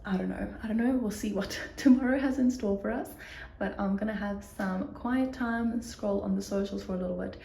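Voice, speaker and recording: A woman's voice: medium pitch, creaky, warm tone, a little hiss or hum. A young woman in her twenties with a South African accent, chatting casually and cheerfully to her phone camera in a vlog, full of fillers and laughs. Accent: South African English. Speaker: vlogger. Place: in a car, then at home.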